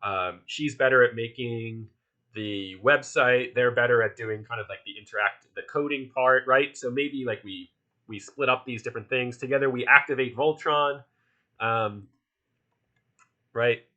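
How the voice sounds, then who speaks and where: A man's voice: medium pitch, measured pace, pushed and bright, lo-fi sound. A man with a Philadelphia accent teaching a casual online workshop, chatty and loose, with lots of fillers and restarts. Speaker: workshop instructor.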